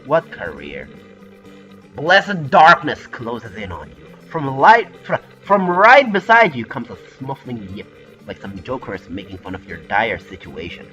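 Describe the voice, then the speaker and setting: A man's voice: mid-range voice, wildly swooping pitch, measured pace, sharp tone. A man reading a visual novel game aloud with casual, offhand commentary, swearing often. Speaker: game player. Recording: muffled recording with faint background music.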